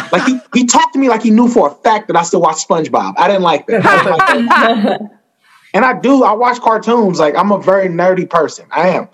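A man doing a stand-up set, telling self-mocking stories in an animated way. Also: high voice, moderate pace, a little hiss or hum. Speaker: stand-up comedian.

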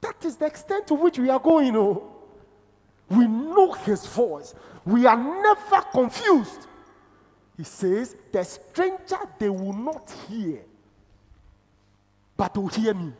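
Lively preacher in a reverberant hall. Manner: emphatic preaching, swinging between loud exclamations and low murmurs. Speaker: pastor. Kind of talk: sermon.

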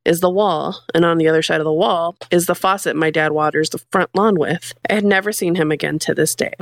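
Young woman cohost, low gravelly voice, casual and chill, dry mic. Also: steady tone, fairly quick, no room sound. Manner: casual, reacts with short agreeing words. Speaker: podcast co-host. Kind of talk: casual chat.

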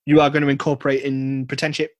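A man hosting his podcast, joking around loosely and swearing now and then. His voice sits at an ordinary pitch. It is recorded very dry, with no room sound. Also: monotone, fast talker, no echo. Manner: playful, bantering, swears casually. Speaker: podcast host. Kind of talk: casual chat.

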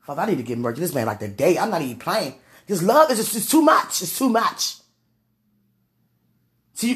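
A woman vlogging in a casual, gushing way, praying aloud and laughing between breathless exclamations. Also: on the low side. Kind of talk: casual talk to camera and prayer.

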